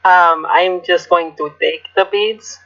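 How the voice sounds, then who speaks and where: A player in a tabletop game over voice chat, speaking haltingly with fillers. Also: medium pitch, fairly even intonation, pushed and bright. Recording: muffled voice chat audio.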